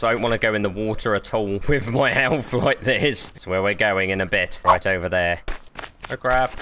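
A man's voice: on the low side, bright, forceful tone, slight background noise. A young man giving sweary, joking let's play commentary and talking back to the game as he plays. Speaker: gamer.

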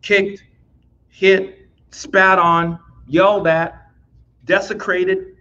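A man's voice: high voice, level tone, extremely slow, pushed and bright, dull audio. A man teaching a Bible lesson in a conversational way, often restarting phrases and checking in with "right?" as he explains the text.

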